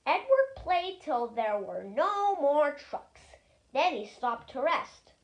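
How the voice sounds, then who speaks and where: A reader giving a lively, expressive storybook reading aloud. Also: sits high, slow.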